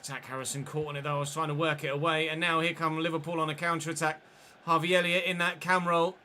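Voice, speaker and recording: Man, gaming streamer, high bright voice, sweary chat, faint background noise. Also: little pitch movement, quick pace. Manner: sweary, chatty, answering chat mid-game. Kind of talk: livestream gameplay commentary.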